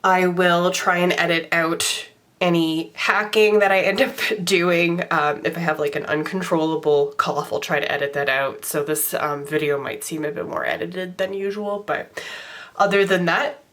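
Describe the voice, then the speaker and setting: A woman's voice: lowish voice, steady tone, moderate pace, fairly bright tone. A young adult woman hosting a casual tarot vlog, talking in a chatty way with ums and self-corrections while congested from a cold. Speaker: tarot channel host. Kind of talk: casual show-and-tell vlog.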